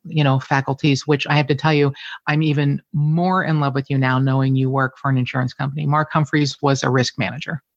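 In a dry, lo-fi recording, a deep-voiced middle-aged woman from Ohio's Cincinnati area talks as a guest in a casual conversation. She's a candid, animated storyteller who doesn't hold back on curse words.

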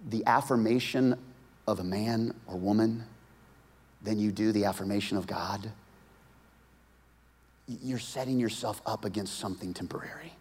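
A male pastor preaching a sermon, moving between hushed whispers and loud, emphatic bursts, often repeating words. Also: fairly low pitch, slightly rough. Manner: repeats words and restarts phrases. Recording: long reverb of a large hall.

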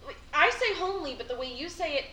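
High, bright-voiced woman. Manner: animated, giggly, quick to protest. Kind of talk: casual chat and poem reading. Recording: echoey room, faint background hiss.

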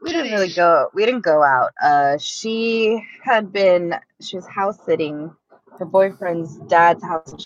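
A woman co-hosting a podcast, telling stories in a teasing, deadpan way. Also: lowish voice, slow, dry recording, highs cut off. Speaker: podcast co-host. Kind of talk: casual storytelling chat.

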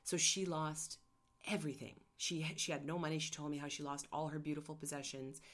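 A woman's voice: low-pitched, steady tone, a little fast, fairly bright tone. A middle-aged woman, an artist hosting her own show, telling a personal story candidly and getting emotional. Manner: candid, emotional, gets choked up. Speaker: podcast host and artist.

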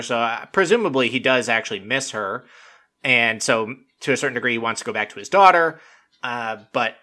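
A man's voice: medium pitch, pushed and bright. A young man casually recapping a reality show episode as a podcast host, rambling and profane, with lots of "like" fillers. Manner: rambling, profane, full of "like" and laughter.

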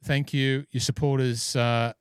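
A man's voice: medium pitch, flat delivery, measured pace, smooth, no room sound. Chatty man, dry close sound. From Scotland. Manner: rambling, chatty storytelling with many fillers. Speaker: podcast host and golf club fitter. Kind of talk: casual podcast chat.

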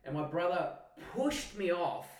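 An Australian man and podcast co-host telling an animated, sweary story in casual chat. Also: high voice, a little slow, recorded from a distance. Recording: roomy sound, mic set back.

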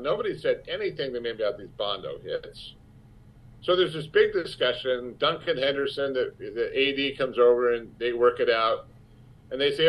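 Animated man telling a story. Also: mid-range voice. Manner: animated, profane anecdote-telling with acted-out quotes. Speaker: actor guest. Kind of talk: storytelling interview. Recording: dull lo-fi sound.

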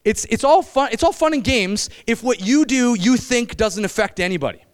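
A middle-aged man preaching at a camp meeting, animated, shifting between loud exclamations and low, intense stretches. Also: normal speed. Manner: acts out quoted voices. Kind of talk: sermon.

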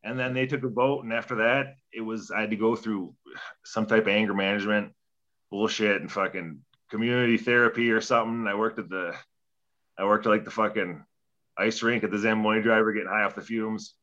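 A man's voice: on the low side, fairly even intonation, a little fast, pushed and bright, muffled recording. A young man, a former hockey player, telling a story in a casual interview, profane and rambling, acting out quoted dialogue.

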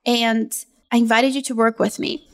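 A woman in her thirties hosting a casual solo podcast from home, talking in a gushing, upbeat sales pitch. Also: little pitch movement, moderate pace. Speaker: podcast host.

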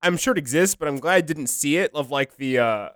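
Hesitant, animated man chatting. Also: on the high side, fairly quick, no room sound, clean studio sound. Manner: hesitant, many fillers and restarts, laughing. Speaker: podcast co-host. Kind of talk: casual chat.

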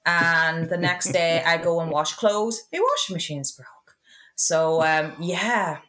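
A woman's voice: fairly low pitch, lively intonation, slow pace, pushed and bright. A woman in her thirties in casual chat, telling stories and teasing with giggles.

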